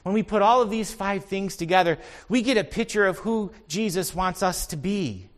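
A man's voice: high voice, normal speed, hardly any pauses. A man pastor delivering an earnest sermon, telling stories and building to emphatic points. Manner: earnest, storytelling preacher with rising emphasis.

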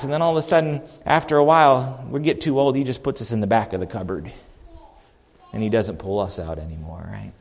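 A man preaching a sermon as pastor, animated and swinging between loud and soft. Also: a little high. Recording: long reverb of a large hall.

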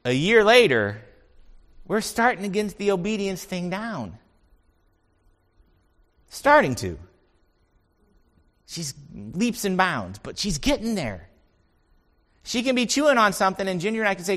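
Bright-voiced preaching man. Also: high voice, big pitch swings, a little slow, pauses often. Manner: earnest, storytelling preacher with rising emphasis. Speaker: pastor. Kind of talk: sermon.

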